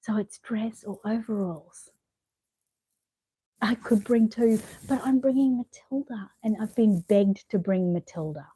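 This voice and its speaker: An Australian woman chatting casually at home as she shows off outfits, rambling and often dropping to a hushed voice. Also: medium pitch, unhurried, husky, no room sound. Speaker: vlogger showing reborn dolls. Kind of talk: casual show-and-tell chat. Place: home bedroom.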